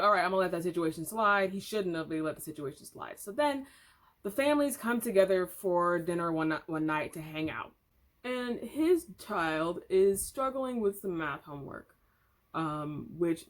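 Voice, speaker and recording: A woman vlogger at home retelling an online story in casual commentary, chatty, candid and opinionated. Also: lowish voice. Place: home room.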